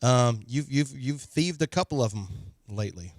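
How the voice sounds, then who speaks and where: A man co-hosting a sports radio show, animated and joking in casual talk. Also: mid-range voice, moderate pace, no echo, clean studio sound. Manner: animated, joking, slips into playful mock voices. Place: radio studio. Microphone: studio mic.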